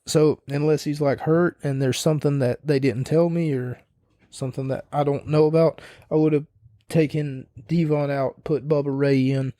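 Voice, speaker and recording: A man's voice: on the high side, steady tone, moderate pace, mellow, no echo, clean studio sound. A young man hosting a podcast, rambling casually and opinionated, swearing now and then. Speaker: podcast host. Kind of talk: casual wrestling review monologue.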